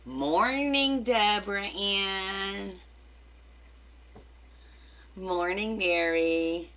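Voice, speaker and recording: A woman's voice: low-pitched, pushed and bright, a little hiss or hum. A middle-aged woman with a New Jersey accent, hosting a craft livestream, chatting casually and greeting viewers by name with rambling asides.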